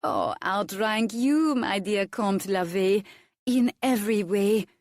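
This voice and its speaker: A woman's voice: mid-range voice, lively intonation, unhurried, no room sound, clean studio sound, close to an everyday voice. A woman voicing a vain, catty French vicomtesse with a precious French accent and a purring, falsely sweet manner.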